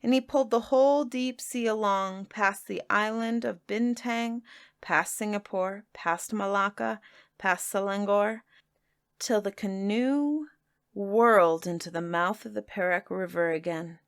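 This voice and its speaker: A woman podcast host reading children's stories aloud in a measured narration. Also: mid-range voice, smooth. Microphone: close home-studio mic.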